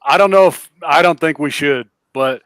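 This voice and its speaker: Male contributor, upbeat and crude, bright-ish pitch, dry mic. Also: normal speed, smooth, no room sound. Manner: enthusiastic, profane. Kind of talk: casual chat.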